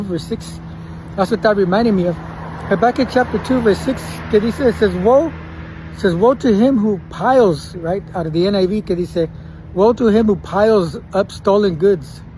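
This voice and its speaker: Casual preacher man, high-pitched. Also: a little mellow, slight background noise, low-quality recording. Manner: casual, mixes Spanish words into English, chuckles often. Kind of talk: informal devotional sermon.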